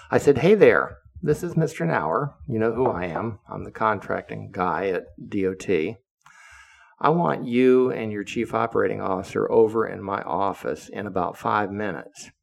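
A man with a low, gravelly voice tells a workplace story in a casual, off-the-cuff way. He is blunt and profane, and he leans hard into the lines he quotes from himself. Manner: blunt, profane, emphatic when quoting himself. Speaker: contracting professor telling a story. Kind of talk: casual first-person storytelling.

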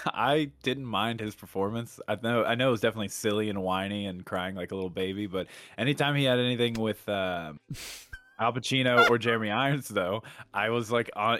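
A man's voice: fairly low pitch, fairly bright tone, no room sound. A man chatting casually about a movie in a rambling, laid-back way, swearing now and then. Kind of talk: casual film review chat.

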